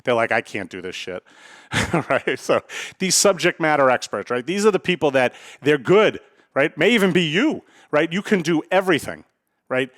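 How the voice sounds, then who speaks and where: A man's voice: a little high, lively intonation, moderate pace, a bit bright, no echo, studio quality. A man hosting a solo podcast in a blunt, casual way, often tagging his sentences with a questioning "right?" and swearing freely. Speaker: podcast host.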